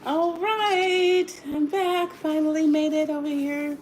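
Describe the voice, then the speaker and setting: A woman's voice: high voice, steady tone, slow, background noise. A middle-aged woman chatting casually to her livestream viewers while eating dinner at home, laughing often and murmuring as she tastes the food. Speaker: livestream cooking host. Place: home dining table.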